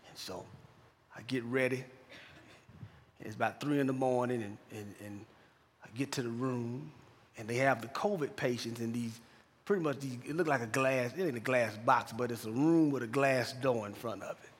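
A man preaching a sermon, telling a quiet story from his hospital chaplain work and building to loud, fervent preaching. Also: medium pitch, normal speed, breathy edge. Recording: long reverb of a large hall.

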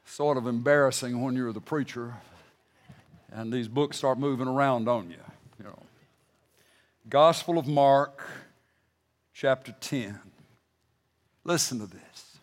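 A middle-aged man preaching a sermon, emphatic, rising to loud bursts and then dropping low and quiet when he reads scripture. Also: a little slow, pauses often.

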